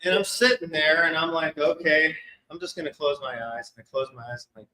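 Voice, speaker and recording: A psychic medium speaking to a live audience in an expo hall, this man shares a lively personal story and imitates the people he quotes. His bright, forward voice is a little high and brisk, with clear echo from the spacious room.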